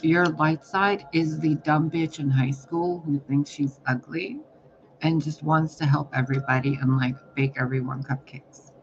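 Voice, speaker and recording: A man giving a casual spiritual reading, talking in a rambling, profane, animated way. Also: a little high, a little slow, a little hiss or hum. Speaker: spiritual reader. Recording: dull lo-fi recording.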